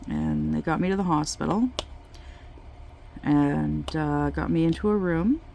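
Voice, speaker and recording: A woman vlogger chatting casually while she crafts, telling a story in a slow, halting way with many pauses. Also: low voice, big pitch swings, gravelly, dark tone, a little hiss or hum.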